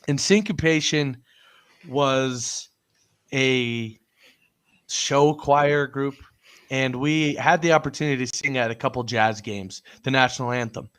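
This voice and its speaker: A man's voice: mid-range voice, fairly bright tone, clean tone. Man, sports talk co-host, storytelling, laughs a lot, casual. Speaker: podcast co-host.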